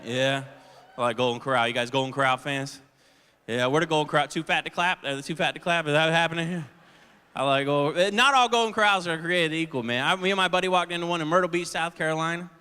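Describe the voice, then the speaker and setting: A man doing a stand-up set in a big theater, his voice high and bright with a smooth, clear ring. He swears freely and slips into the voices of the people in his stories, and the room's reverb trails after each line. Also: quick pace. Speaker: stand-up comedian. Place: large theater stage. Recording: live theater with long reverb.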